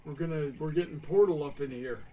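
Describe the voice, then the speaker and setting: A man's voice: on the high side, fast talker, distant mic, phone-quality sound, slight background noise. A young man co-hosting a livestream, laid-back, answering viewer questions and chatting about his week. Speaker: stream co-host. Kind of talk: casual chat on a livestream.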